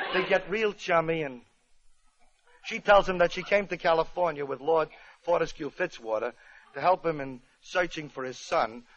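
High-voiced wisecracking comedian on old radio. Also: male voice, a bit bright, lo-fi sound. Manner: wisecracking, chatty asides. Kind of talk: comic storytelling on radio.

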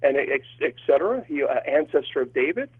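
Husky priest on a tinny phone line. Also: male voice, a little high, animated, fast talker. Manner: earnest and emotional, with frequent restarts. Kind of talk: telling a personal story in an interview. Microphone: phone call.

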